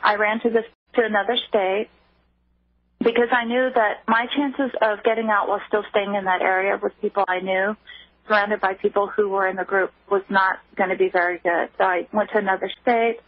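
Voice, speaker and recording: A woman guest on a radio call-in show, giving emotional personal testimony with halting restarts, heard over a phone line. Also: medium pitch, steady tone, no echo.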